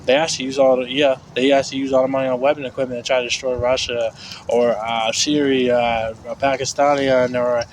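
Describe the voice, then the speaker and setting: Man, mid pitch, rambling profane rant, loud street traffic behind him. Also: level tone, a little fast, low-quality recording. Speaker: vlogger. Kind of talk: casual rant. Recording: outdoor street noise.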